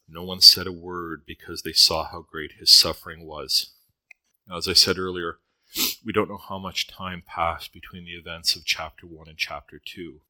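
Male preacher, low and bright-edged, dry close recording, easygoing sermon teaching. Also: no room sound, rough recording. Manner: conversational Bible teaching with personal stories.

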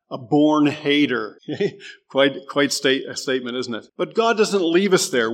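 A man preaching a sermon. He asks his listeners questions and reads scripture aloud with deliberate emphasis. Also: mid-range voice.

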